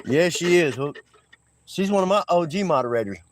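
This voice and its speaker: A man's voice: on the high side, lively intonation, normal speed, a little hiss or hum. A man hosting a live stream, chatting casually with viewers in a laid-back, rambling way and laughing often. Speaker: livestream host. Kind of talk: casual livestream chat with viewers.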